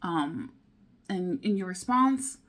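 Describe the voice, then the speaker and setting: A woman's voice: on the low side, expressive, slow pace, fairly bright tone. A woman vlogging her language study, thinking aloud, repeating foreign phrases and drifting into chatty asides with little laughs. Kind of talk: casual study vlog.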